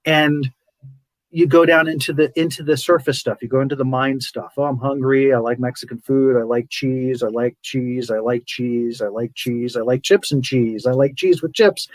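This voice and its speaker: A podcast host with a medium-pitched voice speaks at normal speed in casual, animated spiritual talk, acting out his inner voice and repeating words for emphasis. The recording has no room sound and poor audio quality.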